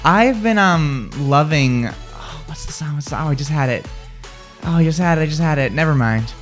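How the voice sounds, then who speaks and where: A woman's voice: low-pitched, lively intonation, normal speed, soft background music. A young woman hosting a casual morning radio chat, rambling and laughing, often restarting her sentences. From California. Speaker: radio show host.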